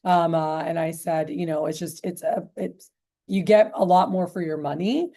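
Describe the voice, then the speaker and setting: A woman's voice: fairly low pitch, moderate pace, dark tone. Chatty woman sales trainer telling a story. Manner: chatty, lots of fillers and restarts, quotes people.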